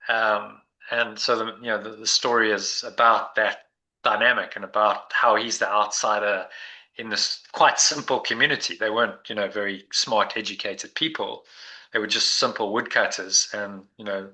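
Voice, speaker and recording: A man's voice: fairly low pitch, fairly even intonation, moderate pace, pushed and bright, rough recording. A man leading a spiritual discussion group, talking in a meandering, reflective way with many restarts. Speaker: meditation group leader.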